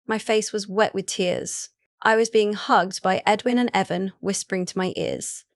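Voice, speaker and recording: A woman narrating a first-person romance audiobook in an even, unhurried reading voice. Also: mid-range voice, no echo.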